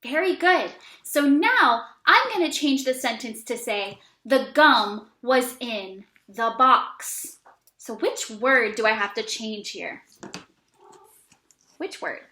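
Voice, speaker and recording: A woman teaching an early reading lesson to young children, speaking slowly and encouragingly with plenty of praise. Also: sits high, sing-song, bright, forceful tone, echoey room. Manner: slow, exaggerated, encouraging teacher talk with praise.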